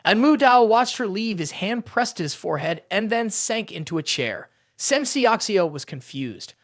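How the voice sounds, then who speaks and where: A narrator reading a scripted story recap in a brisk, even storytelling manner. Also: medium pitch, dry recording, clean studio sound.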